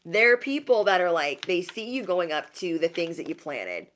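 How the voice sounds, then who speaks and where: A woman's voice: big pitch swings, moderate pace, fairly bright tone. A woman giving a casual tarot reading to her viewers, sassy and emphatic, repeating lines for effect. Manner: mocks others in high put-on voices. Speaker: tarot reader.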